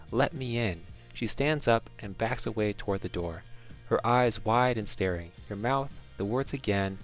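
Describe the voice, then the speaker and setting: A man with a lowish voice reads a second-person fantasy adventure in a measured storytelling way. Quiet music runs underneath, and his delivery stays even and unhurried. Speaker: narrator.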